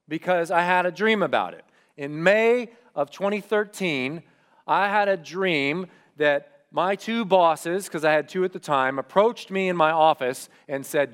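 A young man, a student pastor, preaching a sermon as a personal story, moving between loud animated retelling and quiet reflective asides. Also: on the high side.

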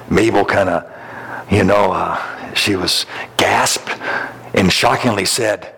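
A middle-aged man preaches slowly in a deep, creaky, slightly bright voice, pausing often. As a pastor telling folksy stories, he chuckles through them and restarts frequently; there's slight background noise and a long hall reverb.

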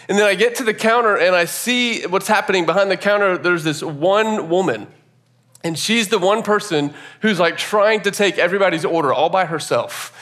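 A man with a voice a bit higher than most tells a personal story in a loose, conversational way. He sounds earnest and reflective, filling his sentences with "like" and "you know" as he draws a faith lesson from it. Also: moderate pace, a bit bright. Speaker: speaker sharing a personal story.

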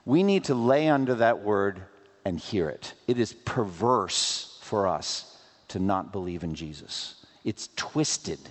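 Male pastor, sermon, lively pitch swings, long hall reverb, rhetorical questions. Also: a little slow. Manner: animated, rhetorical questions, playful asides.

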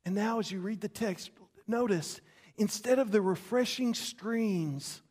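A man preaching a sermon as pastor, dramatic, repeating words and swinging between loud passages and hushed ones. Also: high-pitched, a little slow, slightly rough.

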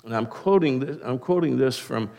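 A male pastor delivering a sermon in an unhurried, conversational way. His voice sits at an ordinary middle pitch, and he drifts into asides and restarts. He slows down to lean on the key words. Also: vocal fry, warm tone.

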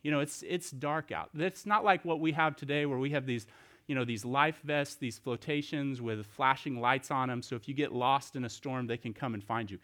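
A man's voice: mid-range voice, normal speed, fairly bright tone. Conversational male pastor preaching a sermon. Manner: conversational, storytelling with restarts and rhetorical questions.

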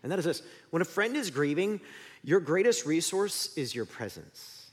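A middle-aged man preaching a sermon and telling stories against himself. His voice climbs and dips with lively energy and sits a little high. A long hall reverb carries every phrase. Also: normal speed. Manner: candid, self-deprecating storyteller. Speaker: pastor.

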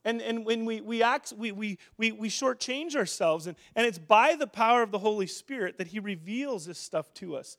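A middle-aged man preaching a sermon in an animated, conversational way, often restarting his sentences. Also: sits high, moderate pace, few pauses.

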